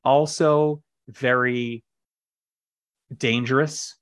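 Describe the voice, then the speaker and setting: A man's voice: medium pitch, fairly even intonation, extremely slow, a bit bright, smooth. A man co-hosting a casual podcast, rambling with lots of fillers and restarts. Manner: acted on stage. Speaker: podcast co-host. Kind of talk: casual chat.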